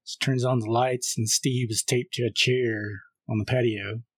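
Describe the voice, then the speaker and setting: A man co-hosting a film podcast, casually recapping a horror movie scene by scene and reading the caller's lines flatly. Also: medium pitch, moderate pace, breathy edge, no echo. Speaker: podcast co-host.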